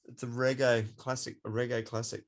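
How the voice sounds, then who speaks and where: A man's voice: medium pitch, flat delivery, a little fast. A man co-hosting a podcast in casual chat, swearing freely and laughing often. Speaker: podcast co-host.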